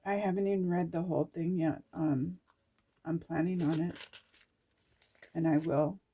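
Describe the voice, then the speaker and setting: A woman's voice: lowish voice, fairly even intonation, unhurried, dark tone, a little hiss or hum. A woman vlogger reading scripture aloud and reacting with emotional spiritual exclamations.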